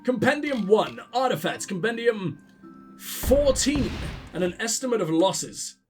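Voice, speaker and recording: A man's voice: sits high, very animated, measured pace, faint music behind. A man hosting a let's play, rambling and sarcastic as he comments on the game and swears freely. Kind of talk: casual gaming commentary.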